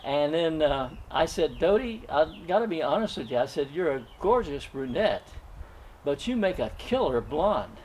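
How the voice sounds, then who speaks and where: An older man telling a personal story at an open mic, gentle and folksy, chuckling now and then. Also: fairly high pitch, big pitch swings, normal speed, slight background noise.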